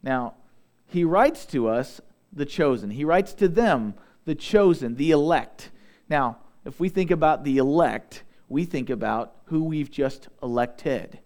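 A young adult man preaching a sermon, reading scripture aloud and slowing down to stress key words. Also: a little high, lively intonation, a little mellow. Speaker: pastor.

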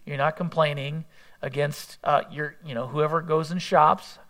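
A man preaching a conversational sermon, his voice sitting a little high for a man. He keeps asking his listeners questions and acts out the people he quotes as he works through the passage. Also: fairly even intonation, normal speed, fairly bright tone. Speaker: pastor.

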